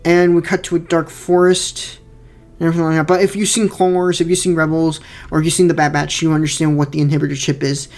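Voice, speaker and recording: A man's voice: on the high side, little pitch movement, fast talker, soft background music. Rambling young man giving casual commentary. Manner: rambling, many fillers and repeated words. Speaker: fan filmmaker giving director's commentary.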